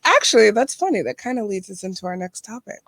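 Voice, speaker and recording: A young woman co-hosting a podcast, telling a story with lively acted-out voices, laughing and swearing casually. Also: mid-range voice, fast, dry recording. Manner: acts out the dialogue in her stories, laughs often, swears casually. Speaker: podcast co-host. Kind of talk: casual chat, animated storytelling.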